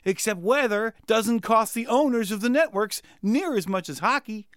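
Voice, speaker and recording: A man's voice: sits high, expressive, normal speed, a bit bright, no echo, studio quality. A man performing comic sketches and a satirical monologue, sarcastic and exasperated. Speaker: comedy performer.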